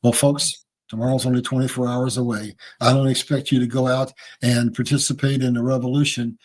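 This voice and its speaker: Husky man explaining things folksily. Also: mid-range voice, flat delivery, brisk, darkish tone. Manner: folksy, emphatic, addresses listeners as folks. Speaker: guest. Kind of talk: casual explanatory interview talk.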